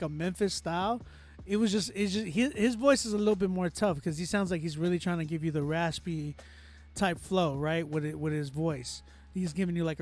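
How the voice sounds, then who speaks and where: A man from Texas, a music producer hosting a casual livestream, reading chat aloud and giving loose, talkative critique with frequent laughs. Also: high-pitched.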